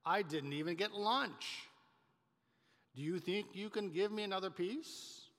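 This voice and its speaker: Rich: a man reading a male governor, aggrieved and self-important, with a high, bright voice and a slow, deliberate delivery, heard in the echo of a church hall. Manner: pleading, then self-important. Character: male state governor, tired and indignant.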